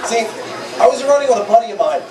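A man's voice: extremely high pitch, animated, quick pace. A young man doing a stand-up comedy set in a bar, self-deprecating and chatting with the audience. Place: bar stage before a live audience. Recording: echoey bar room from far off, loud crowd.

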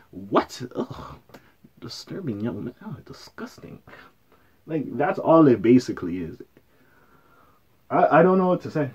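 A blunt young man with rants profanely, his pitch leaping around as he swings between low mutters and exasperated outbursts. The recording sounds dull and lo-fi. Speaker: YouTube commentator. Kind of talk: casual rant commentary.

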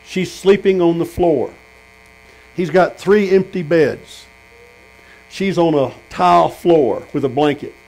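Fairly high-voiced preacher man. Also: slow, a little mellow, poor audio. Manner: storytelling, asks the congregation questions. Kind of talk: sermon. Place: tent meeting.

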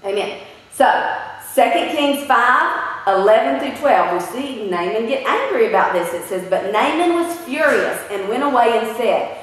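A woman preaching a sermon in an animated way, putting questions to her listeners. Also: fairly high pitch, a little slow. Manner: animated, asks the audience questions. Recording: echoey hall from far off.

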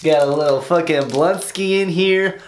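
Excitable young man opening fan mail. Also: a little high, moderate pace, reverberant, slight background noise. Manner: excitable, swears casually, laughs often. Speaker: vlogger. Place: bedroom at home.

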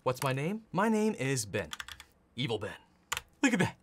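A man in his thirties teaching programming in an energetic, playful way, often laughing and shouting out example lines. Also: mid-range voice, moderate pace. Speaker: programming instructor. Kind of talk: energetic tutorial narration.

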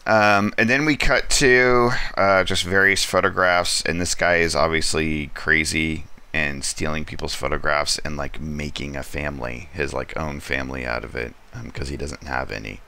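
A man's voice: extremely low pitch, steady tone, moderate pace, creaky, hardly any pauses, sharp tone. A man hosting a casual comic book review, rambling through the story with lots of fillers and an amused tone.

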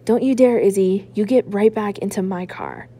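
A woman voicing a stern, hurried mother of a preteen girl in a read-aloud book, with firm, urgent commands. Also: medium pitch, animated, dark tone, husky.

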